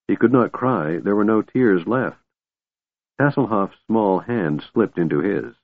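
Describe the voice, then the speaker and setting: A man narrating a fantasy audiobook in a measured, dramatic way, in a tinny recording. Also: low-pitched, expressive, no echo.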